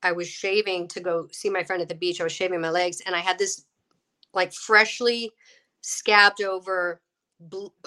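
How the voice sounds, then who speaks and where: A middle-aged woman, an actress getting over a cold, telling her story in a lively, animated way, acting out quoted voices and laughing often. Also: fairly low pitch, normal speed. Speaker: guest, actress and UFO experiencer.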